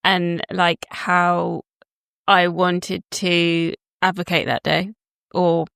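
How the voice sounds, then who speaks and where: Woman co-host, lowish smooth voice, thoughtful and measured, dry audio. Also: flat delivery, fairly bright tone, no room sound. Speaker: podcast co-host. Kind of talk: casual chat.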